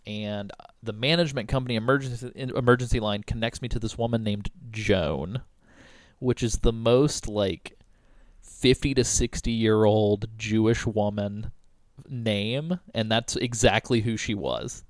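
Young male podcast host, chatty rambler, mid-pitch, dry close sound. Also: measured pace, no echo. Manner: rambling, heavy on "like" and "um", swears casually. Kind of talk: casual storytelling chat.

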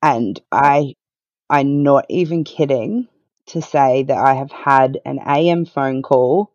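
A woman's voice: rumbling low, takes it slowly, darkish tone, no room sound. A woman guest on a podcast, telling her own story in a candid, matter-of-fact way with a wry edge. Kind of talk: casual conversational storytelling. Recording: dull lo-fi dry sound.

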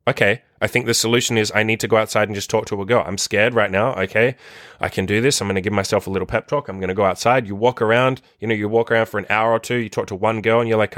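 A man's voice: fairly low pitch, fast, a bit bright, no echo, studio quality. A man hosting a solo podcast, talking bluntly and passionately with lots of swearing, tired. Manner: blunt, profane, impassioned. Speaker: podcast host and dating coach.

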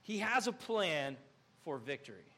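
A young male pastor preaching a sermon in a church, animated and acting out scenes with sudden loud outbursts. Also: on the high side, measured pace.

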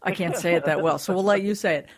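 A woman's voice: lowish voice, fast talker. Chatty sarcastic woman co-host. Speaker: show co-host. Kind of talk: casual chat.

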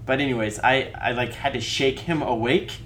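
A man's voice: medium pitch, moderate pace, a bit bright, a little hiss or hum. A young man in casual chat, telling rambling stories with frequent laughs.

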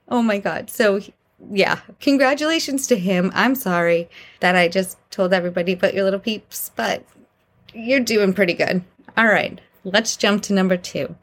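A young woman hosting a podcast, telling candid dating stories in a casual, animated way and laughing through them. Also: medium pitch, moderate pace. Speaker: podcast host. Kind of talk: casual storytelling monologue.

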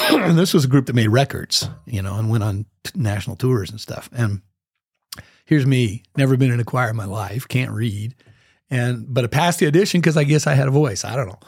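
Brief: male guest musician, mid-pitched, animated storyteller, dry close sound. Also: moderate pace, husky, no room sound. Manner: lively storyteller, scats out the rhythms. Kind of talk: storytelling interview.

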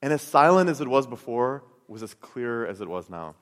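A middle-aged man, a Christian speaker, gives his personal testimony and teaching with earnest storytelling and frequent repeated words. His medium-pitched voice has a sing-song quality at normal speed, heard through long hall reverb.

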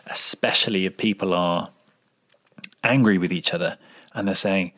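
A man's voice: sits low, fairly even intonation, normal speed, pauses often, a bit bright. A man, a sound designer, explaining editing advice in an interview answer and acting out example lines. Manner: explanatory, acts out example dialogue.

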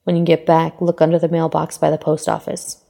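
A grouchy old man snaps out curt, swearing lines with a soft tender streak underneath, as a woman reads him aloud. The voice is gravelly and mellow. A long reverb trails every word. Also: deep voice, monotone, fairly quick. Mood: gruff. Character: cranky grouchy elderly man, gruff but tender. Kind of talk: fan fiction reading.

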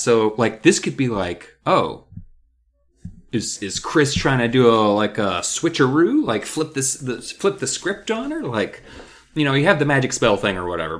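A man co-hosting a podcast, thinking out loud in a rambling way full of "like" and self-corrections. He pokes fun at himself as he talks, in a mid-pitched, everyday voice. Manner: rambling, lots of "like" and restarts, self-deprecating. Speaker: podcast co-host. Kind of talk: casual podcast discussion.

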